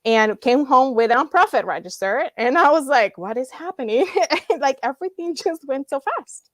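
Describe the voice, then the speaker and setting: A woman's voice: high-pitched, lively intonation, normal speed, dry recording. A woman in her thirties, a guest founding a nonprofit, telling her story in conversation, acting out dialogue and laughing often.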